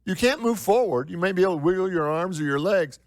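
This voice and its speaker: Conversational preaching man, slightly high voice. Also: lively intonation, no room sound. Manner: conversational preaching, with rhetorical questions to the congregation; repeats phrases for emphasis, slows down for key lines. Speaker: minister. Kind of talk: sermon. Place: church.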